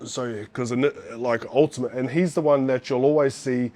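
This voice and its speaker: Middle-aged ex-fighter from New Zealand, animated, swears a lot, mid-pitched, casual storyteller. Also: male voice, normal speed. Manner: animated, swears often, acts out quotes. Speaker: guest, former fighter.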